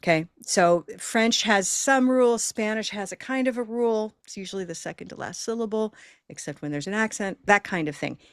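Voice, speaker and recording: A woman's voice: mid-range voice, fairly quick, no echo, studio quality. A woman hosting a live online pronunciation class, talking in an upbeat, encouraging and chatty way through a computer microphone.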